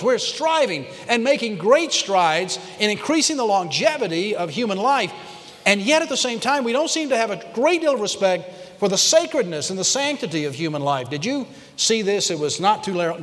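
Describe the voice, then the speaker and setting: A man preaching a sermon as pastor to his church, emphatic, repeating key lines and slowing down to stress them. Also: high voice, lively intonation, fairly bright tone. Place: church sanctuary. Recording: long hall reverb.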